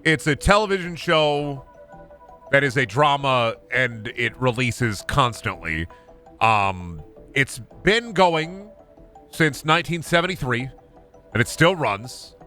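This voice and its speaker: A male game streamer chats casually over his gameplay, animated and joking, with plenty of profanity. His voice is bright and forceful. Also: mid-range voice, slow, soft background music. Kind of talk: casual live-stream commentary.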